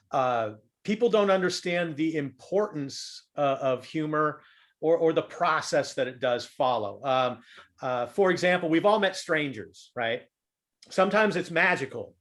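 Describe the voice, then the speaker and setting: A fairly high-voiced man talking on a video call panel, lively and demonstrative, the way a stand-up comic explains his craft. He jumps between plain explanation and acted-out examples. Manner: animated storyteller who acts out examples. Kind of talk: conference panel talk.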